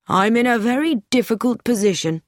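A woman's voice: fairly high pitch, animated, brisk, no echo, clean studio sound, voice pushed up, lightly acted. A woman reading an audiobook, voicing an anxious, self-important young man who speaks earnestly and fearfully about being watched. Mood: troubled. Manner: earnest, confiding, growing fearful.

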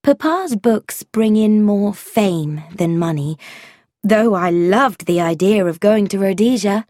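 A woman narrating a story in the first person, with a wry, expressive manner. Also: mid-range voice, takes it slowly, dry recording, studio quality. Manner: expressive, wry, with voiced dialogue.

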